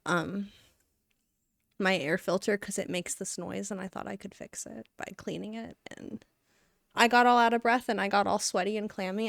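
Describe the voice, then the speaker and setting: Streaming as she works, this woman rambles and chats casually, talking through her own actions while slightly breathless. She's animated, at a moderate pace, with a creaky, somewhat bright mid-range voice. The recording is dry, clean studio sound.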